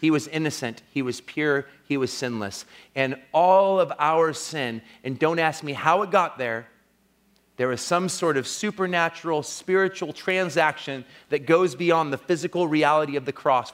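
A man preaching a sermon as pastor, earnest, rising to strong emphasis and dropping to a hushed, intimate tone when telling a story. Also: on the high side.

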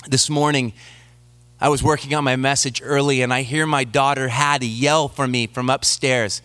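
A man in his thirties preaching a sermon, moving from slow scripture reading into a relaxed story about his young daughter. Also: medium pitch, dry recording. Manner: reads scripture slowly, then tells a family story conversationally. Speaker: pastor.

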